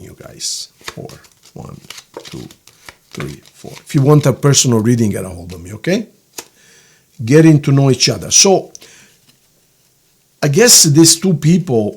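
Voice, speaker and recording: A man giving a casual tarot reading, rambling and halting, now and then voicing quoted feelings in a hushed, soft tone. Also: medium pitch, slight background noise. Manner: rambling, halting, searches for words. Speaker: tarot reader.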